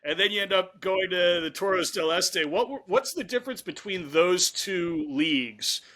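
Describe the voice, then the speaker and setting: Bright-voiced male podcast host. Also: sits high, normal speed. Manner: conversational, asks long setup questions. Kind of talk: casual interview.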